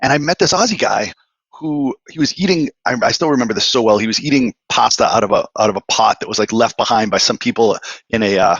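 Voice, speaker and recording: Fast-talking Boston man in his fifties. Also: medium pitch, no room sound, muffled recording. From greater Boston, USA. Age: 50s. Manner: joking, animated storyteller. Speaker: podcast guest. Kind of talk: casual interview chat.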